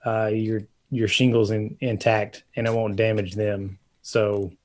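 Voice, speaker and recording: A man's voice: fairly low pitch, little pitch movement, unhurried. Rambling man explaining roof care. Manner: rambling, explaining with fillers and restarts. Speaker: podcast co-host. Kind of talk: casual chat about roofing.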